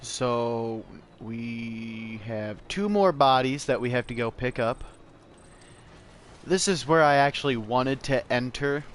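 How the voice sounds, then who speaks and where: A man's voice: medium pitch, slow, a little hiss or hum. Laid-back young man rambling over gameplay. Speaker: gameplay streamer. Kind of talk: casual gameplay commentary.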